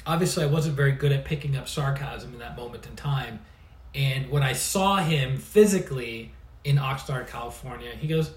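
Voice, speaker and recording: An energy healer and coach chats on a livestream, telling stories in a mid-range voice at normal speed. He laughs a lot and restarts phrases, and the distant mic gives a roomy sound.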